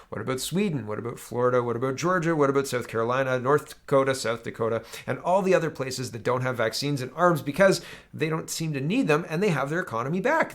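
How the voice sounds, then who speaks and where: A man hosting a political commentary show, from Canada, reading headlines aloud and riffing on them in a sarcastic, rambling way. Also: medium pitch.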